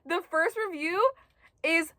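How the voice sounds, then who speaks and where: A woman in her twenties chatting casually as a book vlogger, expressive and full of filler words. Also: extremely high pitch, takes it slowly, no room sound. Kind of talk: casual chat to camera.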